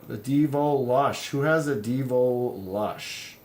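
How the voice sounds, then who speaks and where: Brief: male knife-channel host, mid-pitched, casual rambling rant with sighs, frustrated. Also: slow pace, darkish tone, slight background noise. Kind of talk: casual livestream chat.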